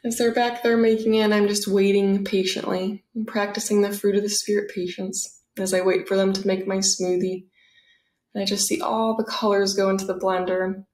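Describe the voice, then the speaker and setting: A woman narrating a guided visualization in a soft, dreamy, enthusiastic manner. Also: mid-range voice, flat delivery, moderate pace. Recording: roomy echo.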